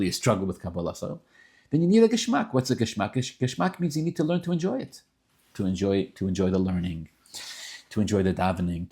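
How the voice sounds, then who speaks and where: Animated man teaching a Torah class. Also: fairly low pitch. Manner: animated, rising emphatic bursts, many restarts; sprinkles Yiddish and Hebrew terms. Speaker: rabbi teaching Tanya.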